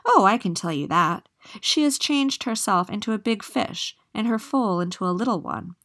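A woman's voice: medium pitch, expressive, moderate pace, a bit bright, dry recording, clean studio sound. A woman voicing a kindly, helpful talking fish in a storybook reading. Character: helpful grateful fish, male.

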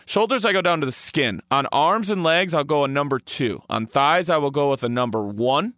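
A man's voice: a little high, lively intonation, normal speed, fairly bright tone, no room sound, studio quality. A man co-hosting a podcast in casual chat, rambling and playful with many fillers. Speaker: podcast co-host.

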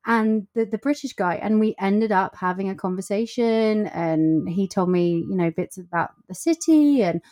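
A woman guest in casual conversation, telling stories in an animated way and acting out what people said. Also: medium pitch, moderate pace, hardly any pauses. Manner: animated storyteller, acts out quotes.

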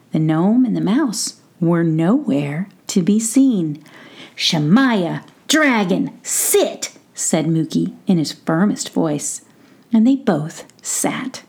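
A woman narrating a gentle bedtime story slowly and softly, often near a whisper. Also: mid-range voice. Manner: soft, slow and breathy, often near a whisper. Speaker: storyteller and podcast host. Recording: faint guitar music behind.

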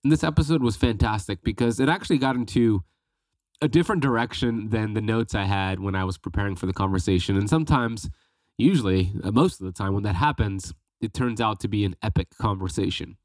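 A man's voice: on the low side, a little fast, a little mellow, no room sound. A man hosting a podcast, introducing the episode with enthusiasm while congested from a head cold. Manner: enthusiastic, upbeat. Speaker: podcast host.

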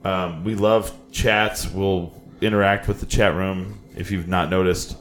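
A man's voice: low voice, flat delivery, a little slow. A man hosting a casual chat show from a small studio, talking loosely with apologies and restarts. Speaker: show host.

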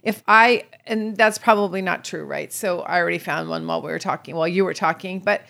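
A woman's voice: fairly low pitch, a little fast, gravelly, bright, forceful tone. A woman hosting a podcast interview, candid and self-questioning as she talks with her guest. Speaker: podcast host.

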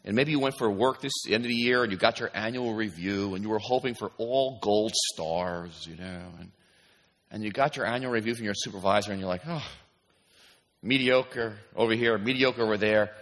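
A man's voice: lowish voice, brisk, a bit bright. Emphatic male preacher in a reverberant hall. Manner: emphatic, repeatedly asking "do you understand?". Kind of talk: sermon.

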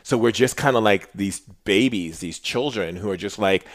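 A man's voice: lowish voice, measured pace. A man hosting a casual spiritual chat, telling stories animatedly and acting out quotes. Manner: animated storyteller, acts out quotes. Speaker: podcast host.

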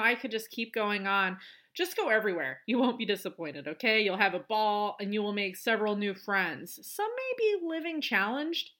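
A woman hosting a podcast, bubbly and quick to laugh. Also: mid-range voice, bright, forceful tone. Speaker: podcast host. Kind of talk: casual interview chat.

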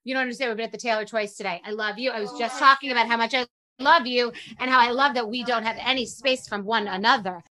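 Bright, rambling, swearing woman podcaster. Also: on the high side, fast. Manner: rambling, animated, self-deprecating, swears freely. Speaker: podcast host. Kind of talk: casual storytelling monologue.

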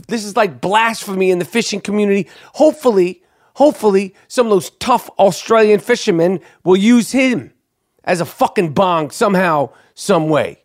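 Crude, animated male podcast host. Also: sits high. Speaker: show host. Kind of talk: profane comedic news rant.

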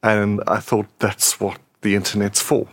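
A man's voice: lowish voice, completely flat delivery, unhurried. A middle-aged man from South Africa, a company founder interviewed as a guest, telling wry anecdotes and acting out the dialogue. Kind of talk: conversational interview storytelling.

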